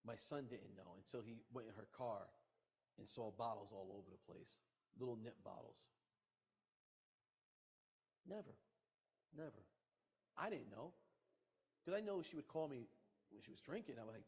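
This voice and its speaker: On a muffled podcast recording, a middle-aged male guest tells the story of a painful loss with feeling, going over the same points and quoting people's words. He speaks at a moderate pace, pausing often, in a medium-pitched, expressive voice that is creaky, husky, and darkish in tone.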